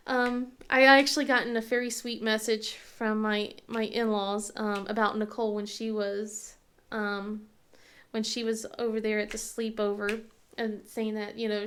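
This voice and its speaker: A woman in her thirties chatting casually as a crafting channel host, rambling and halting with lots of fillers and restarts. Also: on the high side. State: tearful at times. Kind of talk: casual chat.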